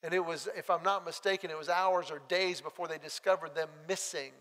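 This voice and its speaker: A man preaching a sermon, telling a personal story and acting out the dialogue in an animated way. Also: on the high side, fairly quick. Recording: long hall reverb.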